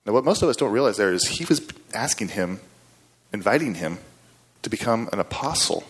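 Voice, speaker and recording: A middle-aged man delivers a sermon in a slightly low voice. He talks in a conversational, folksy way, with casual asides to the congregation. When he presses a point, his voice climbs and gains emphasis. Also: lively intonation, a little fast, slightly rough. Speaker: guest preacher.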